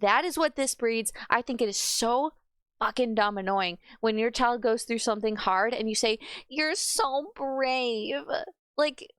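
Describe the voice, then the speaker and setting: A woman's voice: a little high, moderate pace, a bit bright, clean tone, dry recording. A woman hosting a reaction video, ranting with sarcasm and frequent swearing. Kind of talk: ranting commentary.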